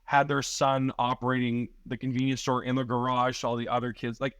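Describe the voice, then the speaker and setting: A man talks like a comedian among friends, swearing freely and padding his sentences with "like." His voice sits at an everyday middle pitch. The sound is dry and close to the mic. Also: flat delivery, a little fast, a bit bright, clean tone, no echo. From Richmond Hill, Ontario, Canada. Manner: loose and profane, heavy on "like" fillers. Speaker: comedian guest. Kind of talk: casual podcast storytelling.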